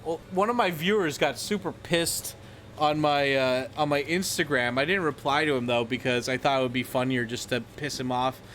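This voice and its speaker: Young male vlogger, mid-pitched, rambling and irreverent, heavy on fillers and swearing. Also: moderate pace, fairly bright tone, a little hiss or hum. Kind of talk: casual rambling commentary.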